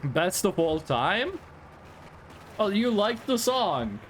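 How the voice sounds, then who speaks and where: High, lively young Norwegian man. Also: slow, a little hiss or hum. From Norway. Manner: rambling, chatty, talks straight to chat. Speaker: streamer. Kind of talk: casual live-stream chat while gaming.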